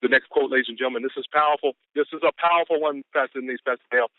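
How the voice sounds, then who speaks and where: A man's voice: mid-range voice, rapid-fire, no room sound. A man giving an exuberant motivational pep talk on a business call, whooping and calling out to the listeners. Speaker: business caller giving the daily quote. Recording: tinny phone line.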